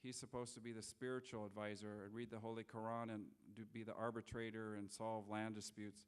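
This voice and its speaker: A man's voice: on the low side, little pitch movement, clean tone. Earnest middle-aged man giving a talk. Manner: earnest, unhurried, with frequent restarts. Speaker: guest speaker. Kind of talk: public lecture with storytelling. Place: lecture hall.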